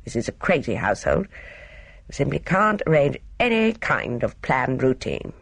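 A gaunt, gruff old woman who runs the house with brisk, fierce scolding, as an audiobook reader acts her out. Her words come clipped and practical, with a gravelly grain. The recording is close and dry. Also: mid-range voice, very animated, dry recording, exaggerated voice. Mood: brusque, scolding. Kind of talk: audiobook character reading.

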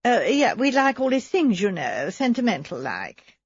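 A mean, flashy middle-aged wife, as a woman narrator puts her on, with a thin, reedy voice that climbs high and whiny. The audiobook sound is dry and close with a dull, lo-fi edge. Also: wildly swooping pitch, moderate pace, slightly rough, no room sound, full character voice.

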